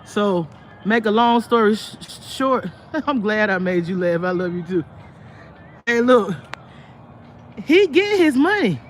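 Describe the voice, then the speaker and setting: A woman hosting her own livestream, telling a long story to her viewers in a blunt, profane, rambling way, full of restarts, and bursting into animated impressions of the people in it. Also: mid-range voice, measured pace, long pauses, a little hiss or hum. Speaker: livestream host. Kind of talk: casual live storytelling to viewers.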